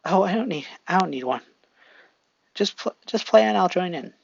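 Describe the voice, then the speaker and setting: Narrator putting on a higher, bubbly teen girl, teasing and a bit shy, gravelly edge, dry dull audio. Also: expressive, normal speed, no room sound. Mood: cheerful.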